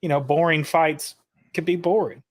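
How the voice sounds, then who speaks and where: Male co-host, slightly high voice, easygoing, laughs often, casual banter. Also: steady tone, moderate pace. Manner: easygoing, laughs along, chatty. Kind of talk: casual comedy podcast chat.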